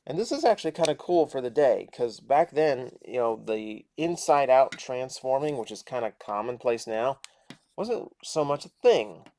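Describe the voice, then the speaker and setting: A man's voice: medium pitch, expressive, normal speed, warm tone. A man casually reviewing a toy, chatting and thinking aloud as he transforms it step by step.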